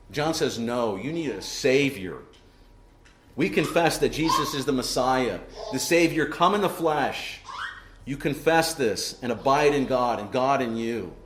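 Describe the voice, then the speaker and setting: A man's voice: mid-range voice, roomy sound, background noise. A man delivering a sermon as pastor, earnest and preaching, often tossing in rhetorical "right?" asides to the congregation.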